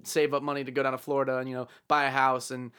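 A man's voice: mid-range voice, flat delivery, rapid-fire, a bit bright, clear, resonant tone. A young man hosting a podcast, chatting casually in a rambling, profane way and laughing often. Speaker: podcast host.

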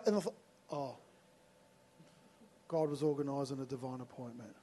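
A man's voice: medium pitch, moderate pace, long pauses, dark tone. An Australian man preaching a sermon, telling personal stories in a conversational way and acting out both sides of the dialogue. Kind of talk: sermon storytelling.

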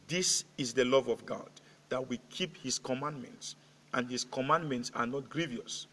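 A man's voice: medium pitch, normal speed, fairly bright tone. A male pastor preaching a sermon, rallying his congregation with repeated calls and scripture readings. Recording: long hall reverb.

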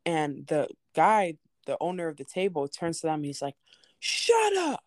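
A woman's voice: low-pitched, moderate pace, a little mellow, dry recording, studio quality. A young woman telling a story in casual chat, laughing often and acting out the people she quotes. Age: young adult.

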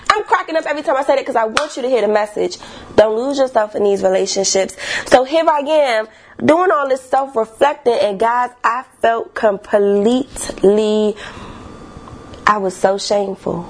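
A woman vlogger talking candidly and casually about her own life, animated and conversational, with slang and the odd swear word. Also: medium pitch, husky. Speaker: vlogger sharing personal experience. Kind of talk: candid casual talk to camera.

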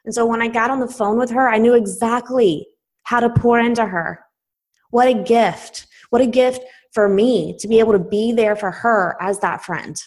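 A young woman talks into a close podcast mic, sharing personal stories in an earnest, encouraging way. Her pitch sits in an ordinary middle range, and she speaks to the listener like a friend giving a pep talk. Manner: earnest, personal, encouraging, with laughs and direct address. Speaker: podcast host. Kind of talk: solo motivational podcast talk.

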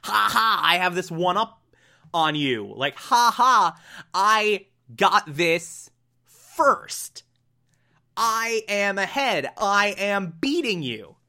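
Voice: medium pitch, lively intonation, slow pace, bright, forceful tone, full character voice. Someone playing a gloating young rival genius. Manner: gloating, sing-song taunts.

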